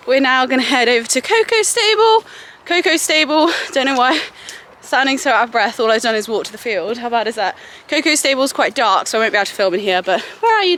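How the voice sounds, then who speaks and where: Recorded on a camera mic with no clip-on, there's a little hiss or hum under this young woman's fairly high, fairly bright voice. She's a rider running an outdoor horse yard, narrating her day casually to the camera and speaking affectionately to her horses.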